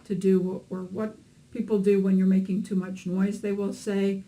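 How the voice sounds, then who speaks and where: Over soft background music and a rough recording, a woman with a mellow, mid-range voice and little pitch movement teaches beginner Hebrew reading at a moderate pace. She narrates the lesson patiently, explaining letters and vowels with a few fillers.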